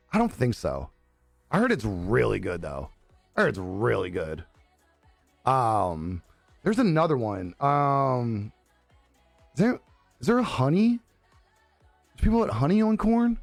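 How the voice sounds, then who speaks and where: Laid-back young streamer guy, lively voice. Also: medium pitch, no room sound. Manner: laid-back, laughs often, swears casually. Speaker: live streamer. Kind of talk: casual chat reading viewer comments. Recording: dry close sound with faint music behind.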